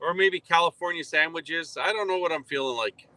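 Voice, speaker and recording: A man's voice: fairly high pitch, brisk, sharp tone, no room sound. A man calling in over a video call, laid-back and dry-witted in casual chat. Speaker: remote guest correspondent.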